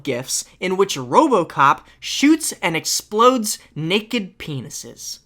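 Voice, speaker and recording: A woman hosting a reaction commentary video, animated and sarcastic with sudden exclamations. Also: lowish voice, takes it slowly, hardly any pauses. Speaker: host.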